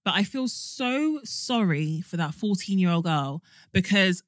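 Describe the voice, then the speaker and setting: A woman's voice: lowish voice, animated, a little slow, no room sound, clean studio sound. A young woman co-hosting a casual podcast chat, emphatic, repeating words when worked up. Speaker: co-host.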